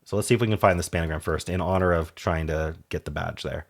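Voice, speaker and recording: A man's voice: low voice, steady tone, quick pace, vocal fry. A man with a sore throat thinking aloud as he solves word puzzles, musing half to himself and trailing off. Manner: muses half to himself, trails off, sudden brighter asides. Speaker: puzzle game streamer. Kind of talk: casual thinking aloud while solving puzzles.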